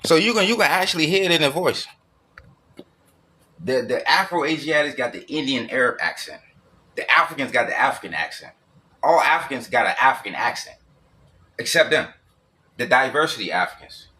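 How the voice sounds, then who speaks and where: Man ranting in a forceful bright voice. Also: medium pitch, expressive, normal speed, pauses often. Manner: blunt, profane and repetitive, circling back over points. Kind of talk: solo ranting monologue.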